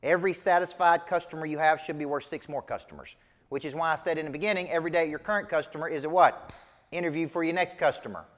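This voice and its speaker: Southern male business coach, punchy and folksy, slightly high pitch, long hall reverb. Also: fast talker. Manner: emphatic, folksy, rhetorical questions. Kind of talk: motivational seminar teaching.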